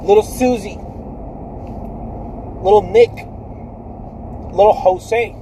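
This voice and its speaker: A man, an artist, giving a motivational vlog talk to his viewers, loud, swaggering and profane, laughing between points. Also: high-pitched, steady tone, slow, a little hiss or hum, poor audio.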